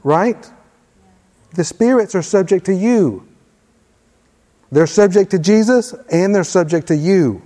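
High-voiced preacher in a reverberant hall. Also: male voice, animated, slow pace, long pauses, mellow. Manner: conversational, reads scripture aloud with emphasis. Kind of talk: sermon.

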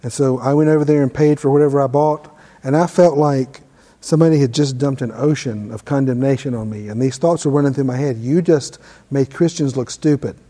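Warm-voiced man teaching in a reverberant hall. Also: medium pitch, steady tone, a little fast. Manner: conversational, self-deprecating storyteller. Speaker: ministry teacher. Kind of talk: informal teaching with personal story.

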